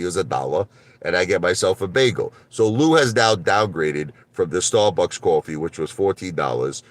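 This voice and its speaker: Combative ranting livestream host, man. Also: low-pitched. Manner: animated, combative, repeats himself.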